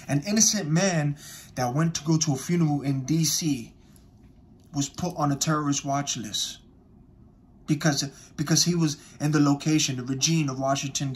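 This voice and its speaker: A man speaking, giving impassioned online commentary, emphatic and repetitive, addressing his audience directly. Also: a little high.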